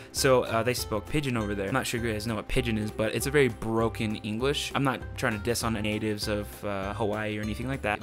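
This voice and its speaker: Young dude explaining a voice, um uh a lot, lowish voice, faint music in back. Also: male voice, a bit bright. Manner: rambling, many ums and uhs. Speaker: voice tutorial youtuber. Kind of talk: casual tutorial talk.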